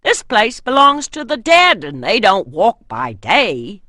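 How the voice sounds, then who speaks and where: Uneasy superstitious warrior man, loud and tense, dry recording, read by a woman. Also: mid-range voice, wildly swooping pitch, slow pace, dry recording, full character voice.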